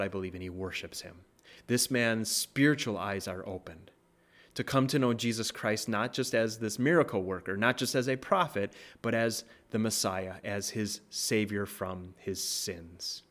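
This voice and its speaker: A man with a fairly low voice preaches in a relaxed, conversational way. He restarts his sentences and keeps checking in with "right?". His voice climbs when he acts out quoted lines. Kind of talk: casual sermon retelling a Bible story.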